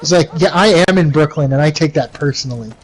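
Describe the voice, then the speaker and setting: A man's voice: a little high, fast talker, rough recording. A young man from the United States chatting casually while livestreaming a game, rambling with many fillers and restarts. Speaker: livestreaming gamer.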